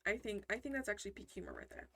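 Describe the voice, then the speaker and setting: A woman with a mid-range, slightly bright voice comments on a video game she's playing, talking very fast in a chatty, rambling way and often stopping mid-sentence. The recording has a little hiss or hum.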